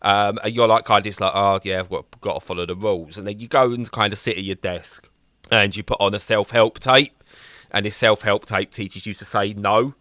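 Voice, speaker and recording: A man's voice: on the low side, fairly even intonation, normal speed, pushed and bright, dry recording, clean studio sound. A man co-hosting a podcast, talking casually and enthusiastically with many fillers and restarts. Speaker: podcast co-host. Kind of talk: casual chat.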